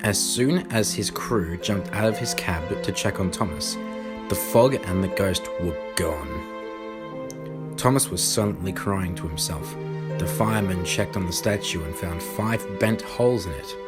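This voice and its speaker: A man with a low voice narrates a fan audio drama in a steady, dramatic storytelling manner. Loud music plays behind him throughout. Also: unhurried, poor audio.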